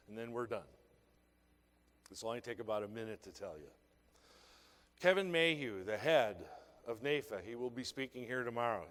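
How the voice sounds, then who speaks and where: An older man giving an emotional, emphatic motivational speech to a conference audience. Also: on the low side. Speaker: keynote speaker. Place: large conference hall. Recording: reverberant hall sound.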